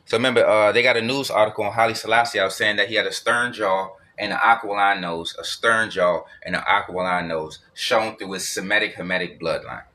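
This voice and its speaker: A man holding forth alone in a bright, forceful voice. He talks bluntly and profanely, looping back to repeat his points as he goes. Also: fairly low pitch, steady tone, fairly quick, few pauses. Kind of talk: solo ranting monologue.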